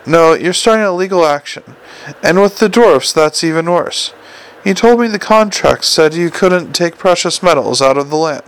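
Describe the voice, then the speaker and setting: A man reading an audiobook and voicing an exasperated, gloomy adult man in a gravelly voice. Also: lively intonation, normal speed, low-quality recording. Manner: agitated and exasperated, rising in pitch. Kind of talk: audiobook character voice.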